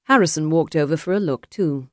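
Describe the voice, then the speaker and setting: Low-voiced woman narrating a historical romance. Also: a little fast, no room sound. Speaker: audiobook narrator. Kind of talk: scripted narration. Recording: dry, close studio audiobook.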